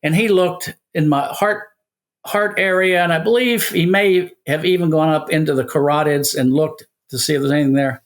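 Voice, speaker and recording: A man's voice: on the high side, fairly even intonation, normal speed. A man in his seventies, a guest in an interview, telling a story in a casual way and acting out the dialogue he quotes. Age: 70s.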